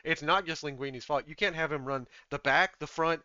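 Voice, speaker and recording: A man's voice: fairly high pitch, fairly quick, pushed and bright, clean tone, no echo, lo-fi sound. A man voicing a grown son who firmly reproaches his father. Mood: reproachful.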